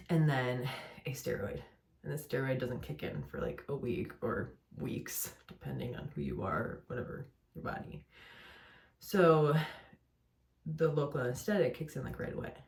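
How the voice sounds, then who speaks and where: A woman's voice: a bass voice, a little mellow. A young woman venting late at night at home, in pain and worn down, rambling with lots of fillers and self-corrections. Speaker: vlogger. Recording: roomy echo.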